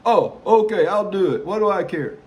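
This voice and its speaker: A man's voice: high-pitched, lively intonation, moderate pace, a little mellow. A man voicing a self-pitying male governor in a put-on New York Italian accent, whiny and fumbling over his words. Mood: eager.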